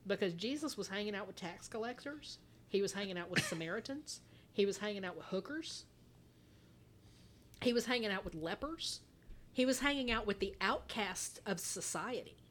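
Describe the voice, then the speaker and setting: Animated laughing woman podcaster. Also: medium pitch, moderate pace. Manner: animated, laughs often, swears freely. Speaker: podcast co-host. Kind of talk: casual chat.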